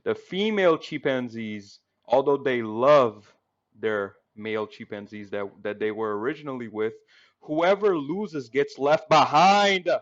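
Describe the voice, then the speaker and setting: A man's voice: mid-range voice, a little slow. A man arguing in a heated panel discussion, mocking and profane. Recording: dull lo-fi audio.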